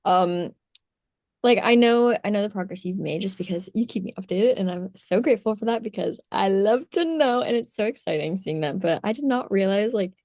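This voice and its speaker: Young woman podcast cohost, lots of vocal fry, bubbly casual chat. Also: mid-range voice, animated, fairly quick, darkish tone, dry recording. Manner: bubbly, laughs often. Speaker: podcast co-host, youth leader. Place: home, on a call.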